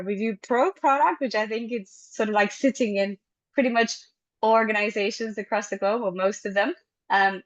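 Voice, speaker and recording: A woman moderating an online panel, effusive and quick with thanks and praise. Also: medium pitch, no echo, lo-fi sound. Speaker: host and moderator. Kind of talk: webinar moderation.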